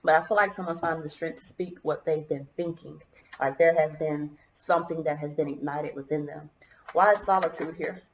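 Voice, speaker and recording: A woman talks through a tarot spread for her viewers in a low, gravelly voice that catches now and then as she feels choked up. She muses out loud, trailing off and starting her sentences over. The room is echoey, with a faint hiss underneath. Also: steady tone, moderate pace. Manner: musing, hesitant, thinks aloud with many restarts. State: choked up, coughing. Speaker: tarot reader. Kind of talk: casual tarot reading to viewers.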